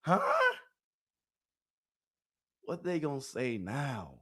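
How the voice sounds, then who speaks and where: A man hosting a live watch party. He gives excited fan commentary on a football game, laughs often, and keeps talking to his chat. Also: mid-range voice, very slow.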